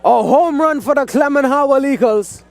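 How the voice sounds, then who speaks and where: High-pitched, shouting live sports commentator man. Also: normal speed, vocal fry. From Turks and Caicos Islands. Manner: hyped, repeats "ladies and gentlemen", often shouting. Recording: live stream with faint crowd and music behind.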